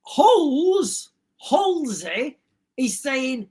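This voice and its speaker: A man's voice: extremely high pitch, lively intonation, slow, a bit bright. A man hosting a livestream, reading out viewer comments and answering them in a rambling, blunt, repetitive way. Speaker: livestream host.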